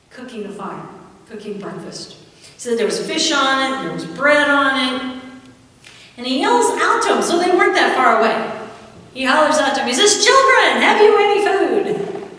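A high-voiced woman preaching a sermon in a church hall, her voice heard from a distance. She tells the story with lively swings and sudden hushed drops. The big space adds a long, booming reverb. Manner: animated storytelling with dramatic drops to a hush. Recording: echoey hall, far from the mic.

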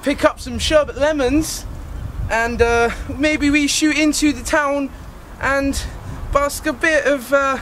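A man putting on a clumsy Cockney accent, rambling in halting nonsense slang for a home comedy sketch. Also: very high-pitched, fairly even intonation, fairly bright tone, slight background noise, heavily acted. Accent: put-on Cockney.

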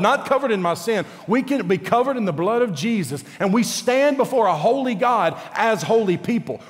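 A man preaching a sermon as pastor, earnest and pleading, building to forceful emphasis. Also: sits high. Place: church sanctuary. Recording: long reverb of a church hall.

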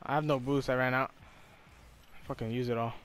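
A young man, the host, chatting casually while gaming, swearing, laughing and yelling sudden high-pitched shouts. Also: fairly even intonation, fairly quick, smooth.

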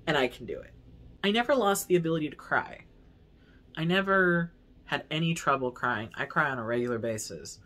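A man's voice: a little high, expressive, brisk, sharp tone. A man talking casually to his camera in a vlog, candid and self-mocking, swearing freely and rambling with lots of likes and small laughs. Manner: laughs easily at himself. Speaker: vlogger.

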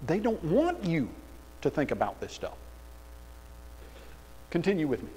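A man preaching in a church hall, his slightly high voice trailing off into a long reverb. He tells his points as animated, sarcastic stories. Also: measured pace, a little hiss or hum. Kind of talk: sermon. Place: church auditorium.

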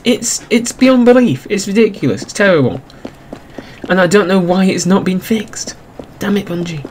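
A young gaming YouTuber plays a video game while giving casual, sarcastic commentary and ranting about its flaws. His voice is high-pitched, with slight background noise.

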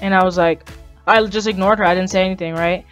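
A woman gaming YouTuber giving casual game commentary, chatty and excitable, rambling along and often laughing. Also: on the low side, fast, dull audio, faint music behind.

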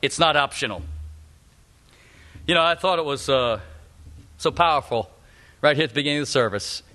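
A middle-aged man preaching a sermon in a church, speaking emphatically and slowing down to stress repeated phrases. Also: fairly high pitch, pushed and bright. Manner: emphatic, repetitive preaching with slowed punchlines. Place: church sanctuary.

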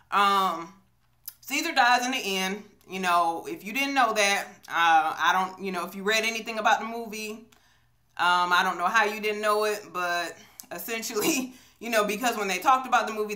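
Brief: chatty woman, bright forceful voice, rambling with lots of fillers, recorded on a phone at arm's length. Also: mid-range voice. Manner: chatty, storytelling, many fillers. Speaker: vlogger. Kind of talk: casual movie review vlog. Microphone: phone on a selfie stick.

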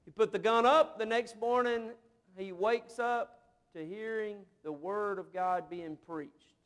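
High-voiced man preaching emotively. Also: unhurried. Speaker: missionary pastor. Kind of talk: sermon. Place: church sanctuary.

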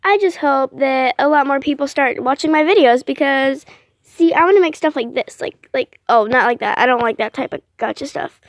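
A young woman vlogging casually, rambling and apologizing a lot between lots of fillers, with excitable bursts. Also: high voice, normal speed, no echo, studio quality.

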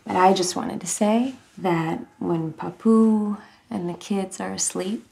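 An actress playing a playful, teasing wife. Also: female voice, mid-range voice, takes it slowly, creaky, warm tone, breathy edge, exaggerated voice. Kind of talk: film acting.

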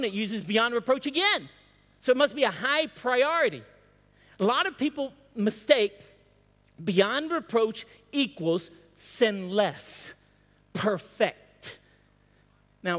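A man's voice: high-pitched, a bit bright. A male pastor preaching a sermon, firing off strings of rhetorical questions and stumbling over restarts as he presses his point. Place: church hall. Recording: long hall reverb.

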